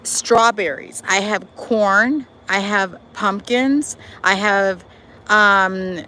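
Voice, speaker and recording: A woman hosting a casual live stream outdoors in her backyard, talking to viewers in a lively, chatty way and calling them y'all. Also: medium pitch, very slow, rough recording. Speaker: livestream host. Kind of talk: casual live chat reading viewer comments. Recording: faint outdoor noise with traffic.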